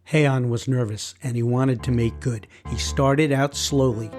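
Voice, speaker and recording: A man's voice: medium pitch, fairly even intonation, measured pace, hardly any pauses, darkish tone, faint music behind. A man narrating a family audiobook with playful, wry asides.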